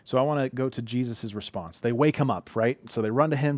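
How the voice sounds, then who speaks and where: A man's voice: mid-range voice, fairly quick, hardly any pauses, darkish tone, no room sound. Earnest conversational male pastor. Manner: earnest, conversational preaching with frequent restarts. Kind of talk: sermon. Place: living room.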